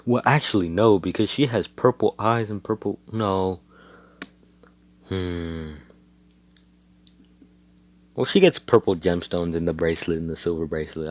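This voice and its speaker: A man's voice: deep voice, darkish tone. A young man casually making up a fan story aloud, rambling and profane with lots of asides. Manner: rambling, profane, laid-back, frequent fillers and asides.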